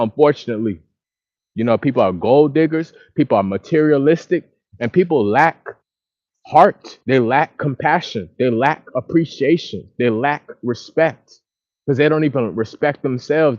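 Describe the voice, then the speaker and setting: A man talks into his phone outdoors by the water, venting at length in a frustrated, repetitive way. His voice sits at a middle pitch. The sound is dull and lo-fi, with almost no room echo. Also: a little mellow. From Dallas, Texas. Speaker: vlogger. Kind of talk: casual outdoor monologue to a live chat. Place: outdoors by a lake or river.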